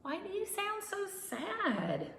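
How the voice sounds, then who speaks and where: A woman voicing a cheerful, excitable female beagle puppy, high and bouncy. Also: slow pace, gravelly, a little hiss or hum, exaggerated voice. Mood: excited. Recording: roomy echo.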